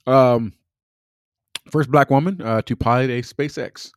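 A man co-hosting a casual podcast chat, talking in a relaxed, halting way with fillers and restarts. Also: medium pitch, no echo, clean studio sound. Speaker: podcast co-host.

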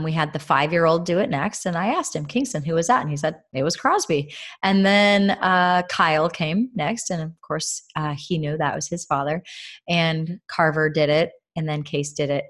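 Animated woman telling a faith story. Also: lowish voice. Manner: animated storytelling, laughs often, drops to soft quiet tones. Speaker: mother sharing a faith lesson. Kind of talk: casual faith talk to viewers.

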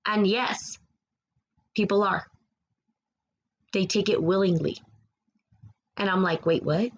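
A woman in a casual spiritual monologue, addressing her listeners directly. She talks with passion and gets preachy, circling back over her points and repeating herself. Her voice sits in a middle pitch. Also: fairly even intonation, slow pace, dull audio.

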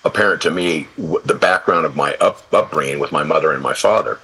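A man's voice: extremely low pitch, a little fast, bright, forceful tone, breathy edge, poor audio. A man in his sixties from California, a podcast guest telling rambling, salty stories full of restarts. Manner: rambling, profane, with many restarts. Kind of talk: casual storytelling interview.

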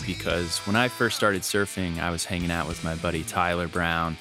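Male host, 40s, low-ish voice, eager scripted intro over guitar. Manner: enthusiastic, earnest storytelling. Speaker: podcast host. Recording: guitar music under the voice. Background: guitar music bed.

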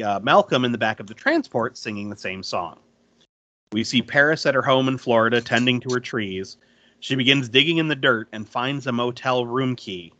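A man's voice: mid-range voice, sharp tone, highs cut off. A man hosting a podcast, recapping a movie plot in casual chat, chatty and laughing easily.

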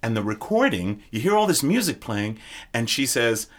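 An older man, a drummer, telling stories as a guest in a casual podcast chat, animated and quick to laugh. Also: mid-range voice. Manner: animated storyteller, bursts into laughter.

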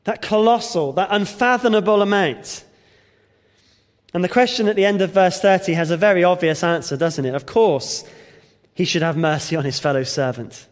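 A man's voice: high-pitched, moderate pace, big-room sound. A man preaching a sermon, explaining a scripture passage with emphatic rhetorical questions and some restarts.

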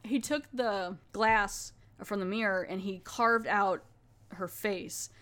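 A woman's voice: medium pitch, slow, fairly bright tone. A woman podcast host recapping a TV episode in casual chat, animatedly acting out the characters' lines and laughing often.

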